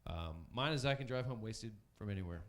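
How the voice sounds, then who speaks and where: A man working a comedy club crowd, loose and self-mocking with plenty of ums. His pitch rises and falls a lot. He talks into a handheld stage mic. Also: lively intonation, fairly quick, background noise. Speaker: stand-up comedian. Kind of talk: stand-up comedy set.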